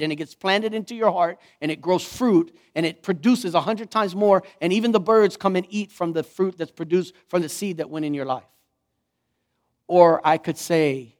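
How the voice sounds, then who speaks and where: A middle-aged man, preaching a sermon, telling a story and swinging from hushed to fervent. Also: sits high. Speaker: pastor.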